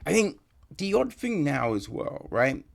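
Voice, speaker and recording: A man's voice: fairly high pitch, sing-song, measured pace, gravelly. A man giving a casual, rambling film review on a podcast, blunt and swearing, tagging his points with "right?". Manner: rambling, blunt, swears, many tag questions.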